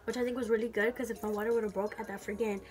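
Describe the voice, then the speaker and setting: A woman's voice: medium pitch, steady tone, racing, darkish tone, faint music behind. A young woman telling a story frankly and casually, full of slang and swearing. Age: young adult. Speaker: vlogger.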